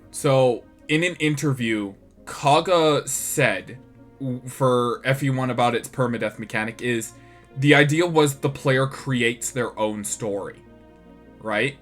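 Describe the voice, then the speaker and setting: A man's voice: mid-range voice, a little slow, faint music behind. Rambling man in casual gaming talk. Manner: rambling, with many restarts and laughs. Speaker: podcast co-host.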